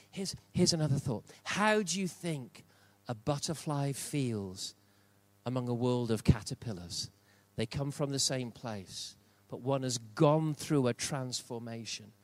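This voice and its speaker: A man's voice: mid-range voice, expressive, unhurried, no echo. An older man preaching a sermon in church, emphatic and repeating key phrases for stress. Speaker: pastor.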